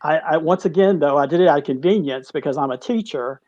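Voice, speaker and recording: A middle-aged man speaks in a fairly high voice, halting and restarting as he recounts something personal and heavy. The sound is dry and dull, like lo-fi call audio. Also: darkish tone, dry recording. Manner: halting, with many restarts, tearful at moments. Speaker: guest, cancer survivor. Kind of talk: emotional personal story in a talk-show interview.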